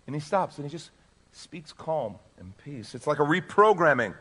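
A man preaching as a pastor, dropping to soft, hushed lines and rising to loud emphasis. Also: fairly high pitch, very animated, normal speed, husky, long reverb tail. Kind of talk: sermon.

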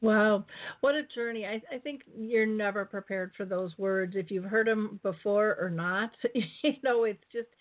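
A woman's voice: medium pitch, a little slow. Woman host on a phone line. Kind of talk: interview conversation.

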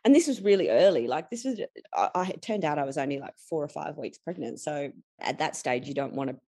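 An Australian woman in her forties with a notably low voice speaks as a podcast guest. She tells personal stories openly and with energy, laughing often and slipping into the voices of people she quotes. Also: lively intonation, fairly quick, mellow, slightly rough. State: tired. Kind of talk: candid personal storytelling.

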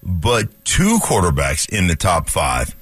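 A man co-hosting sports talk radio with a very deep, husky voice that still moves a lot in pitch. He talks in a cocky, sarcastic, gloating way, recorded close and dry in the studio. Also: huge pitch swings, takes it slowly, a bit bright, no room sound. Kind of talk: casual sports talk banter.

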